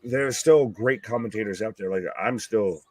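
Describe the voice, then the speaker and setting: A man co-hosting a casual live wrestling commentary stream, excitable and swearing freely. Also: lowish voice, normal speed. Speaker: co-host.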